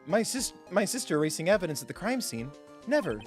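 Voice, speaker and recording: A man's voice: high voice, big pitch swings, fast, faint music behind, pitched above the performer's own voice. A man voicing an upbeat teenage girl who loves forensic science, in a raised, earnest voice while reading a game aloud.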